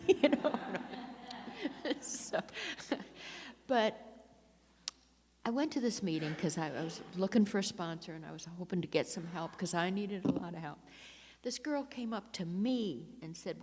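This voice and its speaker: An older woman speaks at a recovery meeting in a chatty, self-mocking way, breaking off and restarting her sentences. Her voice sits on the low side for a woman. Long reverb from the meeting hall trails behind her words. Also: lively intonation, unhurried, long pauses, a little mellow, slight background noise. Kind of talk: personal recovery talk.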